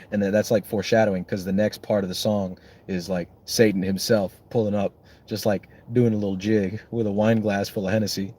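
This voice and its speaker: A man's voice: on the low side, flat delivery, a little fast, few pauses, warm tone. A young man, a songwriter, chatting casually and rambling on with lots of swearing and self-mocking jokes.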